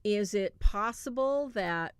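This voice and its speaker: A woman hosting a livestream, retelling a film in a casual, animated way and acting out quoted lines. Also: medium pitch, slow pace, smooth, no echo, studio quality. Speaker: livestream host reviewing a film.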